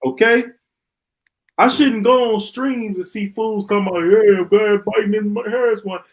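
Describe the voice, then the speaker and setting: A man's voice: high-pitched, fairly even intonation, moderate pace, a little hiss or hum, poor audio. A man hosting a live stream, ranting in an exasperated, sarcastic way and often repeating himself. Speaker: podcast host.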